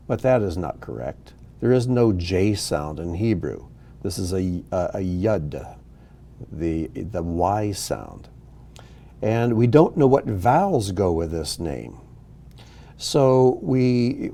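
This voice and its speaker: Slow, patient man teaching a language lesson. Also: lowish voice, dark tone. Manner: patient, explanatory, with fillers and self-corrections. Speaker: Hebrew teacher.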